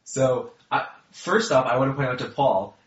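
A man running a tabletop game as game master, chatting casually with his players, laughing often and pausing on fillers. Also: medium pitch, expressive. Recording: dull lo-fi sound in an echoey room.

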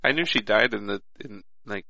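A man reads out his character notes for a tabletop game, stumbling now and then. His voice is heavily gravelly with a bright, forceful edge. The recording is dry and sounds dull and lo-fi. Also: on the low side, moderate pace, no echo. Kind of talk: casual chat, reading character notes aloud.

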